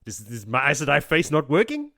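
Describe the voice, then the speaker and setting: Man doing a haughty sorceress, rattled and swearing, bright forceful voice, everyday delivery. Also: fairly high pitch, huge pitch swings, fairly quick, vocal fry, pitched above the performer's own voice, full character voice. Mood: flustered. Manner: swearing, flustered inner asides. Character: proud, rattled female mage, haughty but scared.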